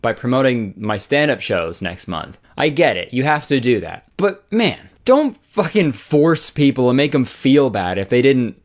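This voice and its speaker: A man's voice: medium pitch, big pitch swings, a little slow, few pauses. A man giving comedic commentary in a sarcastic, exasperated tone, swearing casually.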